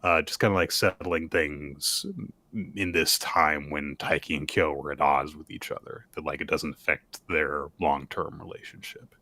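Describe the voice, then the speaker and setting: A man co-hosting a podcast, casually recapping manga and acting out the characters' lines in an animated way. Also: extremely low pitch, normal speed. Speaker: podcast co-host.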